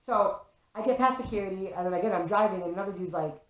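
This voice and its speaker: A young woman telling a story to camera in a casual, animated way, swearing freely and saying "like" a lot. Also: fairly low pitch, racing. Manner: animated, swears often, fills with "like". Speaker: vlogger. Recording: echoey room.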